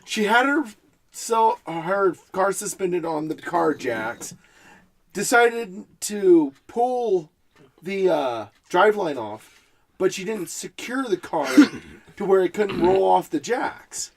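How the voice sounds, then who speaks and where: A man's voice: high voice, very animated, takes it slowly, vocal fry. A man co-hosting a podcast, telling blunt, swearing stories in casual chat. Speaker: podcast co-host.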